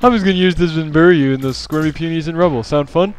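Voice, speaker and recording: A man voicing a boastful male video game villain, reading the game's dialogue aloud in a loud, taunting, cocky way. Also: on the high side, fast, soft background music, voice pushed up, natural voice. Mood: gloating.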